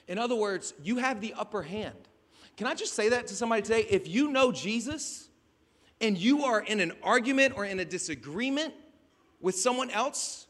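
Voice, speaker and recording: Bright-voiced man preaching with reverb. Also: sits high, expressive, a little fast. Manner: conversational preaching, rising to emphatic shouts. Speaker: pastor. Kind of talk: sermon. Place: outdoors at a beach gathering.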